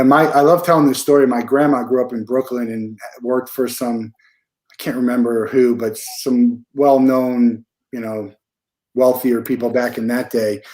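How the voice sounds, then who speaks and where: A man hosting a casual interview over a video call, chatting in a relaxed way and repeating his questions. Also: medium pitch. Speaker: host.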